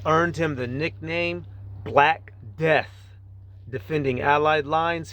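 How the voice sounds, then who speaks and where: A man hosting his own channel. He talks to viewers in an emphatic, profane way, often repeating himself and calling them y'all. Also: mid-range voice. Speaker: channel host. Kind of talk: casual commentary to camera. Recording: clear outdoor traffic noise.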